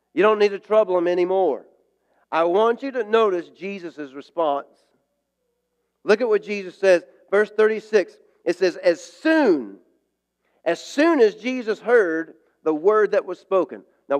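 High-voiced man preaching a sermon. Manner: conversational preaching with emphatic repetition. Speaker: pastor.

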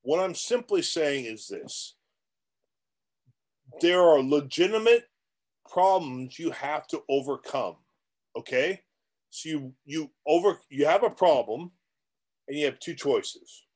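Animated man with a lively voice. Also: a little high, takes it slowly, long pauses. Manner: animated, rambling, talks straight at the viewer; blunt and repetitive, with many restarts. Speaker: real estate coach. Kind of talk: motivational vlog monologue.

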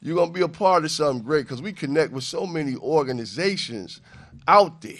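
A man's voice: a little high, animated, fast talker, fairly bright tone. A man hosting a local TV talk show, chatting in an upbeat, folksy way and plugging community work.

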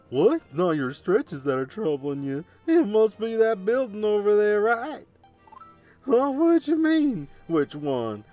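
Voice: mid-range voice, a little mellow, pitched above the performer's own voice. A speaker voicing a chatty, nosy male villager in a game, sing-song and prying.

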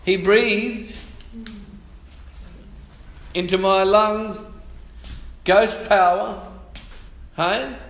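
Male pastor, high voice, lively sermon delivery, echoey church hall. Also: drawn-out words, gravelly, pauses often. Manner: lively preaching, calls for amens, reads scripture aloud.

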